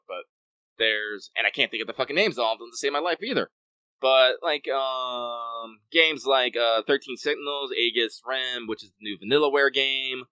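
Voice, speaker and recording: A male podcast co-host rambles casually about games on a desk microphone, swearing and using lots of fillers. His medium-pitched voice sounds pushed and bright, with a clean tone and a dry recording.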